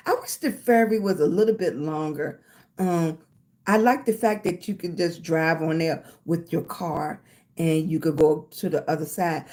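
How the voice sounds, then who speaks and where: A woman's voice: fairly low pitch, darkish tone. An older woman with a Southern US accent, chatting casually on her livestream and thanking viewers by name with endearments like sweetie and baby. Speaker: livestream host.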